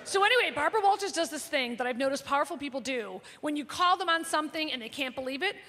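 Very high-voiced brash comedienne. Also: female voice, animated, quick pace, bright, forceful tone, slight background noise. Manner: brash, profane, gossipy. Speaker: stand-up comedian. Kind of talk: stand-up storytelling. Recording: live hall recording with audience.

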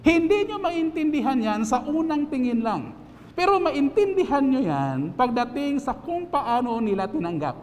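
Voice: high voice, big pitch swings, normal speed, a little mellow. A preacher with a Filipino accent delivering a sermon, explaining step by step and checking in with the congregation often. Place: church hall. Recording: echoey church hall, faint background noise.

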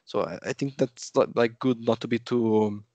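A man from Brazil, a native Portuguese speaker, chatting as an interview guest with a lively storytelling manner that acts out quotes. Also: medium pitch, normal speed, no room sound, dull audio. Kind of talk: casual interview chat.

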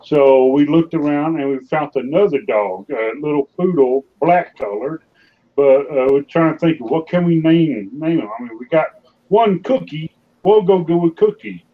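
A man's voice: a little high, lively intonation, moderate pace. A man casually telling a rambling family story on an online show, over a tinny phone-like line. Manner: rambling anecdotal. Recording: tinny phone-like call line with faint noise.

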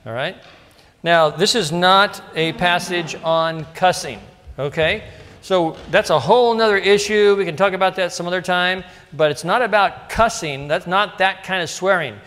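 Chatty pastor preaching in a reverberant hall. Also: male voice, high voice, normal speed, fairly bright tone. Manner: casual and storytelling, with frequent asides and rhetorical questions. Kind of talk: conversational sermon. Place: church sanctuary.

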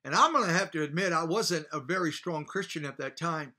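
A man's voice: fairly high pitch, expressive, a little fast, pushed and bright. A man preaching a sermon with fervor, dropping in hallelujahs and telling a personal story with frequent restarts. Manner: fervent preaching with hallelujah interjections; storytelling with repeated false starts.

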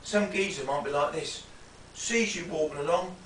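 A man teaching self-defence in a demonstration lesson, often checking in with a quick "yeah?". He speaks from a distance in a roomy space with a faint hiss. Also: sits high, a bit bright.

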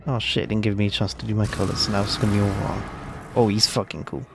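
A man's voice: lowish voice, level tone, quick pace, vocal fry, over music. A man casually commenting on his gameplay, joking and swearing at a desk microphone. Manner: joking, swearing, reacting freely. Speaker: streamer.

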